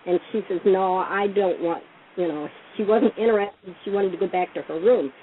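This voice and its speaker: A woman who gives massages, calmly recounting stories from her work in an interview. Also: mid-range voice, fairly quick. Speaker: massage therapist guest. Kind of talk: casual interview storytelling. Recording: tinny phone line with faint noise.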